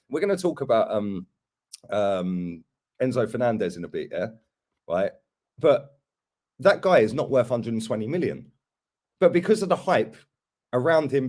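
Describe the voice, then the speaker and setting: A man's voice: medium pitch, darkish tone. A young man ranting about football transfers in casual chat, mocking other fans. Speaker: football fan pundit.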